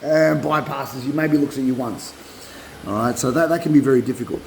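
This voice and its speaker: A middle-aged man coaches dog owners in a loose, animated way, circling back over his points and slipping into little dog voices. His tone is mellow and relaxed. He is recorded on a phone propped up nearby, with a faint hiss underneath. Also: mid-range voice, brisk, vocal fry, low-quality recording. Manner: animated, repeats himself, acts out dog voices. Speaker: dog trainer. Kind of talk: casual instructional talk.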